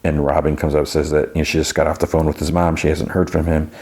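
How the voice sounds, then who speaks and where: A podcast host talks through an episode in a relaxed, rambling way. His voice sits very low, and he leans on fillers and restarts as he retells scene after scene. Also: quick pace. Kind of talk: casual episode recap.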